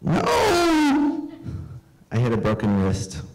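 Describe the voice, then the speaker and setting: A man's voice: low-pitched, normal speed, darkish tone, rough recording. A middle-aged man, a cartoonist, reading his own comics aloud with wry, self-deprecating asides.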